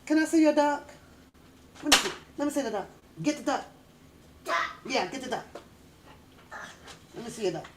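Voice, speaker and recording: A middle-aged woman hosting a casual live chat, telling stories loudly, laughing often and cursing freely. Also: high-pitched, animated, moderate pace, long pauses, background noise. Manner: loud, laughing, profane storytelling. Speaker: livestream host.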